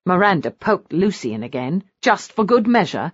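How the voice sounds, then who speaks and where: A woman narrating a historical romance audiobook in an expressive, animated reading style. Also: on the low side, normal speed, husky, no echo, dull audio.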